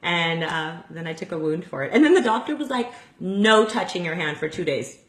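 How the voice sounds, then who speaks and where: A woman's voice: fairly low pitch, expressive, fairly quick, reverberant, background noise. A woman in her thirties, a mother of young twins, talking in a laid-back, self-deprecating way in a casual chat. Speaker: co-host.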